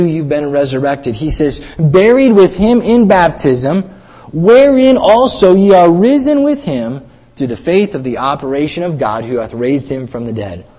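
A middle-aged man with a notably high voice preaches a sermon in a church, pressing his points with earnest repetition. He reads scripture aloud in old-fashioned wording. His voice rings out with a long reverb tail from the hall around him. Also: a little mellow. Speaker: pastor.

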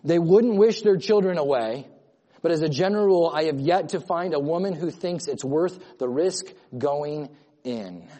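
A man's voice: fairly high pitch, moderate pace, warm tone. A man preaching a sermon with earnest emphasis, reading scripture aloud and then explaining it to his congregation. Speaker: pastor.

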